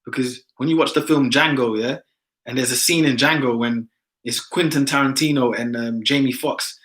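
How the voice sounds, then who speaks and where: A man's voice: mid-range voice, steady tone, normal speed, fairly bright tone, poor audio. A man with a London accent talking emphatically in a casual religious discussion, often tagging "man" onto his points. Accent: London English. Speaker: discussion participant.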